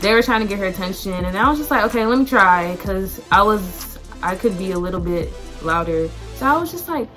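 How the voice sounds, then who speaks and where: A woman's voice: medium pitch, a little fast, few pauses, soft background music. Chatty teen girl telling a story. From Texas. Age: teens. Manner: animated, chatty, lots of "like" and "y'all". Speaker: vlogger. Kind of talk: storytime vlog.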